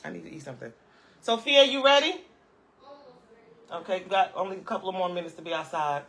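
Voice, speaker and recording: A woman's voice: fairly low pitch, steady tone, racing, husky. A woman vlogger chatting casually in a live stream from home. She sounds sassy and emphatic, often tagging her points with "okay?" and breaking into laughter. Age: adult, parent of a school-age child. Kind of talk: casual live-chat commentary.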